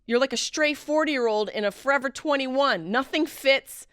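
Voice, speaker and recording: Woman comic host in her late thirties, higher voice, crisp and dry, lively swings from shouts to mutters. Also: normal speed, no room sound. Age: late 30s. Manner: animated, wry, mimics others in mock voices; swings between loud outbursts and low mutters. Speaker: podcast host. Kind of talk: comedic monologue.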